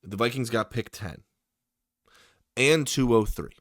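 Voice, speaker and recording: Speaking slowly in a mid-range voice, this man runs through football draft picks with casual, opinionated commentary aimed directly at his audience. He's a sports YouTuber, excitable though worn out from the late hour, and the sound is dry and clean, like a studio.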